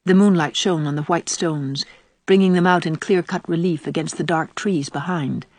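Female audiobook narrator, low, husky, dry close sound. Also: normal speed, darkish tone, dry recording. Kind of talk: scripted narration.

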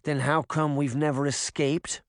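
A man's voice: on the high side, little pitch movement, unhurried, no echo. A man voicing a sarcastic, stubborn young girl in an audiobook, with dry grumbling complaints. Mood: sardonic.

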